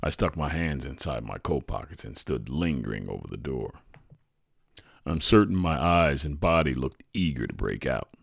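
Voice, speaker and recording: A man reading his own true childhood story aloud in a measured, reflective way. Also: rumbling low, big pitch swings, vocal fry, no room sound, clean studio sound. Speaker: storyteller, podcast host.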